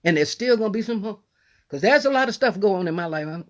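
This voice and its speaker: A middle-aged woman delivers a sermon in a folksy, conversational way. She is animated, swinging between loud bursts and near-quiet asides. She often repeats and restarts her phrases as she preaches. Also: mid-range voice, fast talker.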